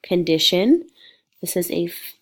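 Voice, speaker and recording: A woman, a Spanish teacher with a cold and sniffles, giving a patient, clearly explained recorded lecture. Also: fairly low pitch, expressive, a little slow. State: sick with sniffles.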